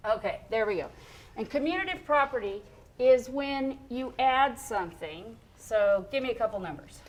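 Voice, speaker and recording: A woman's voice: a little high, animated, moderate pace. A woman music educator in a studio, explaining rhythm to a child in a chatty, encouraging way.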